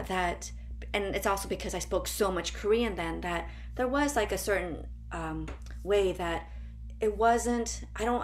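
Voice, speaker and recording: A woman's voice: lowish voice, a little hiss or hum. A woman improviser speaking on a panel, reflective and searching for words as she talks. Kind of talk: panel discussion.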